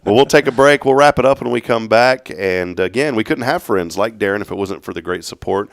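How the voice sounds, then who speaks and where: A man's voice: fairly low pitch, lively intonation, a little fast, gravelly, dry recording, clean studio sound. A man hosting a local morning show, upbeat and joking, laughing often. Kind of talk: casual chat.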